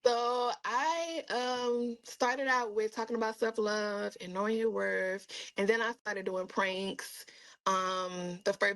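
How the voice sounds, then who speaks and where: A woman being interviewed as an influencer, chatting casually and telling animated stories, often slipping into playful voices and laughing. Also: mid-range voice, vocal fry, poor audio.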